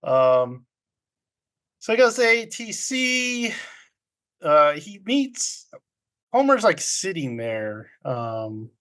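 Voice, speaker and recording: A man's voice: on the high side, very animated, very slow, long pauses, fairly bright tone. A man casually recapping an old film with friends, rambling, often laughing and acting out quotes. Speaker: podcast co-host recapping a film. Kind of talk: casual chat.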